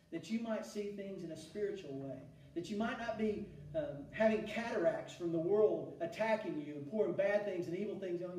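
A male pastor preaching a sermon, swinging between loud exclamation and hushed, soft passages, with frequent restarts. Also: high voice, a little hiss or hum. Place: church sanctuary. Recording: very echoey church room, mic at a distance.

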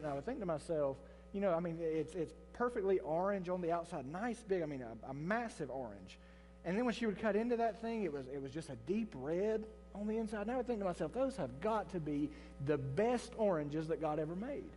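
A pastor preaching a sermon in church, telling a story with restarts and asides to the congregation. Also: male voice, high voice, a little mellow, in a large hall. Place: church sanctuary.

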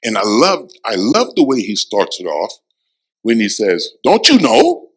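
A man preaching a sermon as pastor in a church, emphatic, dropping to a hush and rising again, repeating lines for effect. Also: lowish voice, sing-song, unhurried, husky, low-quality recording. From Florida. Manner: emphatic preaching, swings from hushed to loud. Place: church sanctuary.

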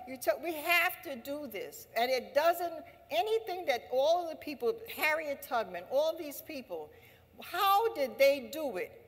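A woman's voice: high voice, expressive, moderate pace. A woman giving an impassioned rally speech at an assembly, with a fervent, repetitive, preaching cadence. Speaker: speaker at an anti-imperialist assembly. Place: large hall. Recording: reverberant hall sound.

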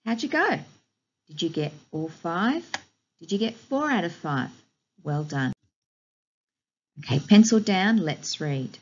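A woman teaching a recorded phonics lesson to young children, giving slow, clear, encouraging instructions and drawing out each sound. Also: fairly low pitch, very animated, lo-fi sound. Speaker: primary school teacher.

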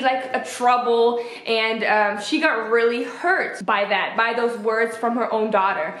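Chatty young woman in an echoey room. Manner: chatty and animated, acts out quotes with pitch jumps. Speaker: vlogger reviewing a film. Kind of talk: casual chat.

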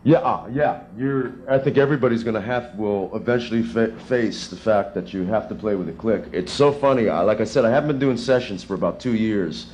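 Drummer guy in his 30s telling stories to a class, deep-ish voice, bit of background hiss. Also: fairly quick, hardly any pauses. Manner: rambling, animated storytelling with chuckles. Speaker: session drummer. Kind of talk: casual Q&A with students. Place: music school classroom.

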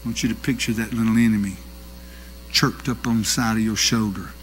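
A middle-aged man, preaching a sermon with animated storytelling that swings from loud to hushed. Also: lowish voice, brisk, a little hiss or hum.

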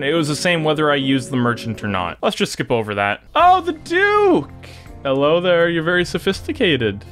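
A young man giving let's play commentary, excitable and taunting the enemies on screen. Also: on the high side. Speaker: gaming YouTuber.

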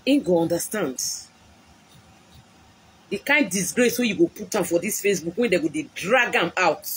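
A woman's voice: on the low side, expressive, a little fast, fairly bright tone, a little hiss or hum. A woman with a Nigerian accent, a prophetess speaking on a live stream in an impassioned way, repeating lines for emphasis. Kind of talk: emotional live-stream address.

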